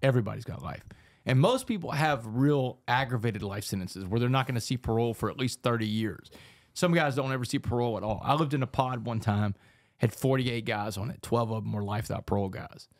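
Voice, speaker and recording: A man, a podcast guest, telling his story in an intense, rapid way. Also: medium pitch, dry recording. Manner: fast, intense storytelling with gravelly voice.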